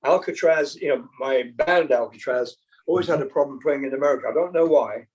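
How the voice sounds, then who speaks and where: A man's voice: mid-range voice, a little fast, darkish tone, recorded from a distance, poor audio. An older British-born rock singer, a man, chatting casually as an interview guest, rambling with many fillers and restarts. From Britain.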